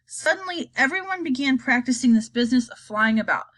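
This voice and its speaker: A woman reading a children's storybook aloud, expressive and lively. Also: high-pitched, brisk. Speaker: reader.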